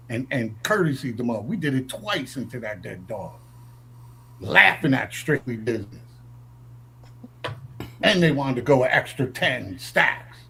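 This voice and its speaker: A man's voice: mid-range voice, sing-song, measured pace, vocal fry, sharp tone, slight background noise. A man from the northern United States telling profane stories in a brash, swaggering way, acting out quotes in a raised voice. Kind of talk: profane storytelling.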